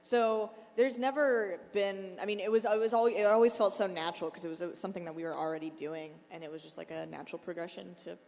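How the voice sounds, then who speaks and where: A woman on a live convention panel, talking in an excitable way with many fillers. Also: medium pitch, fast talker, creaky, hardly any pauses. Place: convention ballroom stage. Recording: live hall with reverb, faint noise.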